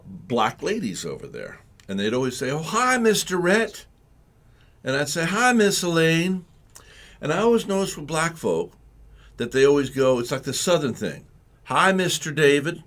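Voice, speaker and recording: A man hosting live morning talk radio, telling rambling stories and acting out the voices of the people in them. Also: medium pitch. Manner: rambling, animated storytelling with acted-out quotes. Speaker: radio talk show host.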